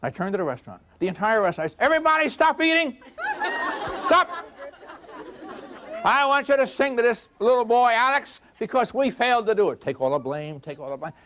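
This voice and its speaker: With a high voice, he races through his talk with hardly any pauses while some chatter goes on behind him. The older man tells customer service stories at a seminar, animatedly acting out the dialogue and laughing a lot.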